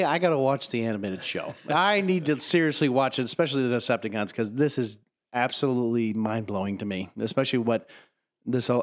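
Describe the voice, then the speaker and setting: Excited guy on a podcast, swears a lot, joking around about cartoons. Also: medium pitch. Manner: excitable, swears casually, laughs and jokes. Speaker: podcast co-host. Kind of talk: casual chat.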